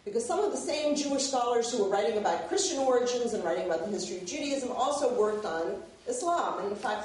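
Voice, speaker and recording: A woman giving an academic lecture, animated and given to laughing. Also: medium pitch, slight background noise. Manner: animated, laughs while reading a favorite passage. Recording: echoey hall, mic at a distance.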